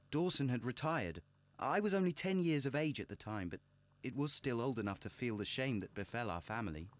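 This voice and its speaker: A man's voice: mid-range voice, close to an everyday voice. An actor playing an earnest young man in a game, telling of his family's disgrace. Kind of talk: scripted game dialogue.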